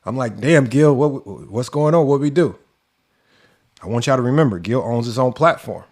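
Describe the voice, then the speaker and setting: A man's voice: mid-range voice, lively intonation, normal speed, a little mellow. A man hosting a sports debate show, ranting in an exasperated, mocking way and firing off rhetorical questions. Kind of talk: heated commentary rant.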